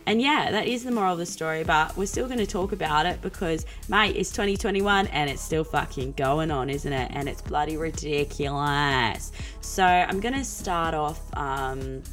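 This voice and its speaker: Podcast host, early twenties, Australian woman, low-pitched, excitable and crude comic delivery. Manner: excitable, chaotic, swears a lot, swings into silly voices. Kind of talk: casual chat.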